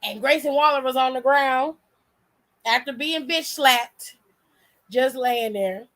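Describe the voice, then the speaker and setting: A woman's voice: high-pitched, takes it slowly, fairly bright tone. A woman giving blunt, sassy and profane casual commentary as a vlog host. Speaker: wrestling commentary vlogger.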